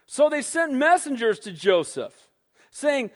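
A man preaching a sermon, animated, who acts out quoted voices and calls for amens. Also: sits high, moderate pace. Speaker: pastor. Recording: long hall reverb.

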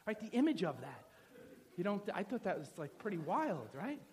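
A pastor from the New York area preaching a sermon in a lively, joking, conversational way, often checking in with "right?". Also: male voice, high-pitched, normal speed, slightly rough. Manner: animated, conversational, joking, asks the audience "right?".

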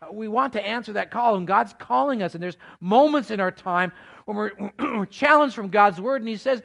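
Man preaching a lively conversational sermon. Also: high voice, moderate pace, vocal fry. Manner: conversational preaching with playful asides. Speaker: pastor. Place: church.

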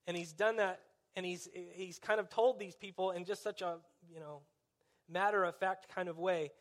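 A man's voice: high-pitched, fairly even intonation, moderate pace. A man preaching a conversational sermon, dropping in wry, sarcastic asides.

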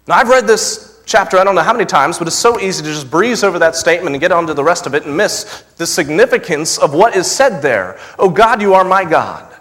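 A young male pastor preaching in an earnest voice that sits a little high. He booms through the scripture passages and drops to a near hush for personal asides. His voice carries a long reverb from a large hall. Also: animated, fast, few pauses. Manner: earnest preaching, swinging from loud emphatic reading to soft intimate asides. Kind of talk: sermon.

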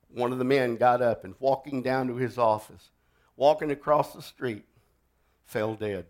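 A man preaching a sermon, telling stories dramatically and swinging from loud to hushed. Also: mid-range voice, a little slow. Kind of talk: sermon storytelling.

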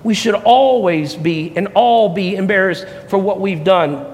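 A man preaching a sermon as a pastor, impassioned, swinging between soft reflective passages and loud rising peaks. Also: sits high, measured pace, a little hiss or hum. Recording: long hall reverb, faint ambience.

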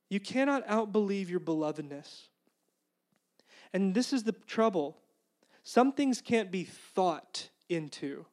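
A man's voice: sits high, lively intonation, slow pace, a little mellow. A man in his late twenties or thirties preaching a conversational, earnest sermon and acting out the inner voices he heard. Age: young adult. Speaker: pastor.

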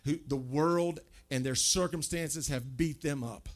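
A man delivering a sermon in a chatty, direct way, his voice sitting slightly high for a man. He keeps turning to the congregation with questions and often restarts and repeats his words as he goes. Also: measured pace. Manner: conversational preaching, asks the crowd questions, stammers and repeats words. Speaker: pastor.

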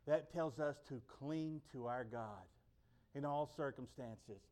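A man preaching a sermon in a conversational way, building to loud emphatic peaks and then dropping low and slow.

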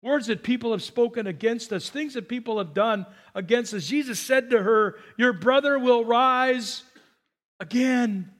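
High-voiced animated male pastor preaching. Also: measured pace. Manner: animated, shifts between loud high emphasis and quiet low asides. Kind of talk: sermon.

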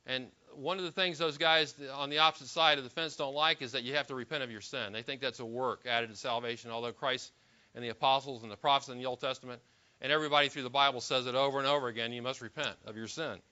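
A man's voice: medium pitch, fairly even intonation, fast, bright, forceful tone, clear, resonant tone, muffled recording. A man preaching a sermon in an emphatic manner, with frequent restarts and rhetorical questions. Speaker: pastor.

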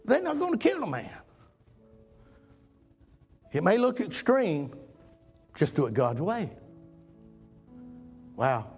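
A man preaching a folksy sermon, swinging from loud emphatic lines to low murmurs. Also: wildly swooping pitch, slow, pauses often, husky, faint music behind.

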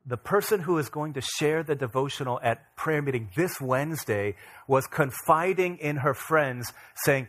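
Male pastor, 30s, conversational and animated sermon delivery with casual asides. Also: mid-range voice, moderate pace. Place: church.

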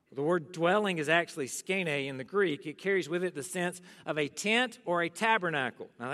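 A male pastor with a high voice preaches a sermon, rising to loud emphatic calls and dropping to hushed, slowed scripture reading. His words ring out in a church sanctuary, and the sound carries a long hall reverb.

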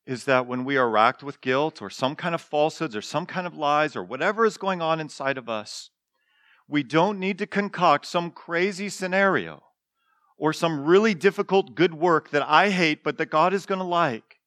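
A middle-aged man preaching a sermon as pastor, in a conversational storytelling manner with restarts and quiet asides. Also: a little high, moderate pace, no room sound, studio quality. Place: church.

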